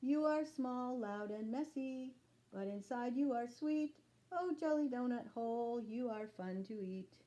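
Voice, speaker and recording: A woman's voice: high voice, very animated, slow, darkish tone, lo-fi sound, exaggerated voice. A woman reading aloud and voicing a shy, grumpy hot dog who gives curt, exasperated replies in a children's storybook. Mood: gentle.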